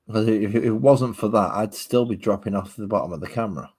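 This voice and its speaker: A man's voice: lowish voice, brisk, a little mellow, slightly rough. A man streaming himself painting miniatures at his home hobby desk, rambling casually to his chat viewers.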